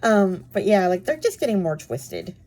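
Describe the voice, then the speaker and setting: A woman's voice: medium pitch, sing-song, moderate pace, mellow. A woman casually chatting about books she read, rambling with lots of fillers. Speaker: book reviewer. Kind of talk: casual book chat.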